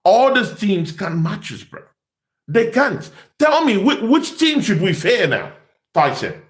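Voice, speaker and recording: Excitable high-pitched man ranting, echoey room. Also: measured pace. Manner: excitable, taunting, repeats words. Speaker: football fan vlogger. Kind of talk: animated fan rant to camera.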